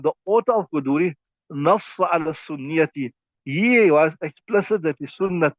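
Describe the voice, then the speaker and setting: A man teaching from an Islamic legal text, with a fairly high voice. He walks through each point slowly and keeps checking in with his students. The sound is thin and phone-like, with no room around it. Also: no echo. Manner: explains step by step, often checks "right?". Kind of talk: classroom text lesson. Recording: thin phone-like dry recording.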